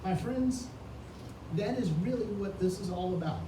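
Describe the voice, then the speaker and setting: A man's voice: high voice, moderate pace. Earnest tearful man giving a campaign speech. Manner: earnest, heartfelt, repeats words when moved. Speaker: political candidate. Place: indoor reception room. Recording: echoey room, distant mic, ambient noise.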